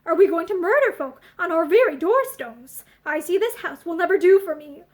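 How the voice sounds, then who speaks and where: A woman voicing a stout, scolding middle-aged housekeeper with a loud, bustling manner. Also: extremely high pitch, expressive, normal speed.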